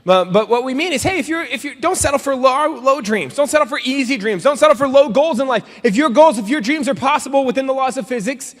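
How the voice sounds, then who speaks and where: A man's voice: extremely high pitch, fast talker, hardly any pauses. A man giving a comedic motivational speech to students, joking and acting out little scenes as he tells them. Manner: joking, animated storyteller who acts out scenes. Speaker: motivational speaker. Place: large convention hall. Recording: reverberant convention hall.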